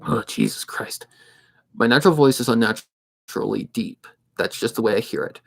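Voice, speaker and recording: A man in his twenties who narrates fanfic readings, chatting casually on a livestream in a steady, somewhat monotone way and thinking aloud as he goes. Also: medium pitch, fairly quick, vocal fry. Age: 20s.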